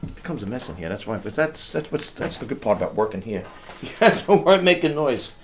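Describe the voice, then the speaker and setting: A man's voice: mid-range voice, sing-song, quick pace. A man chatting casually to viewers while he packs a box, rambling and calling them folks, in a workspace away from his house. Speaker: online reseller. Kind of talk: casual talk to camera while packing. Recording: clicks and clear background noise.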